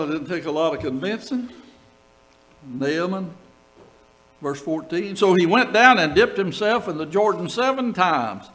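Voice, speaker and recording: Reading scripture aloud and recounting tales from his ministry, an older pastor delivers a sermon with quick asides to the congregation. His slightly high voice has a fairly bright tone, though the audio is poor.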